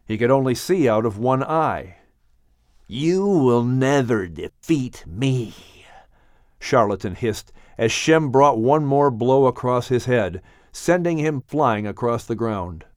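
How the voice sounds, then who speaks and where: A man narrating a dramatic audiobook story on a studio mic in an expressive, unhurried way. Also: medium pitch, dry recording.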